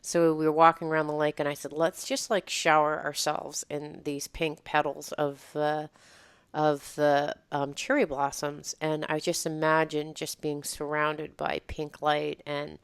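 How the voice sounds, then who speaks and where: Brief: female podcast host, deep smooth voice, rambling and reflective, dry close mic. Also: no room sound. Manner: reflective, meandering with many fillers. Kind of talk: casual chat.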